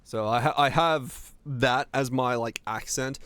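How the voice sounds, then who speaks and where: A man's voice: mid-range voice, a little slow, fairly bright tone, clear, resonant tone, dry recording. A streamer from Finland with an American accent carrying slight Southern touches, rambling casually as he answers chat.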